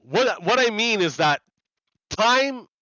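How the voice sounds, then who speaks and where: A man's voice: sits high, expressive, slow pace, bright, forceful tone, dry recording, lo-fi sound. A man chatting casually on a live game stream, rambling and repeating words as he explains ideas to his viewers. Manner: rambling, repeats words and restarts, laughs often.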